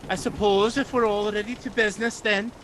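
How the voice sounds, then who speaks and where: A man's voice: high voice, steady tone, fairly quick, a bit bright, a little hiss or hum, voice pushed up. A man voicing a fussy old woman cook aboard a ship, with homely old-fashioned speech. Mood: chirpy.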